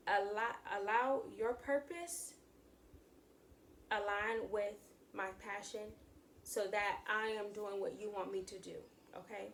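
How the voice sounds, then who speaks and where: Casual vlogger woman, mid pitch, faint room noise, talks in loose repeating phrases. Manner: chatty, repeats and restarts phrases, addresses viewers as y'all. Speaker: channel host sharing faith views. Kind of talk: casual talk to camera.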